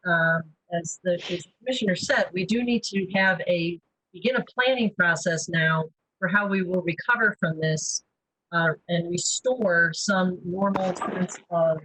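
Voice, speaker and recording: A woman, a public health dean, making measured formal remarks to a county meeting. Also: fairly low pitch, a bit bright, a little hiss or hum, poor audio.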